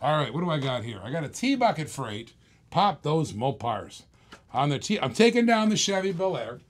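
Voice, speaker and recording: A man running a live toy car auction on a stream, rattling off bids in a running patter. His voice sits a little higher than most men's, and he keeps up easy banter with the chat as he works. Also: very animated, moderate pace.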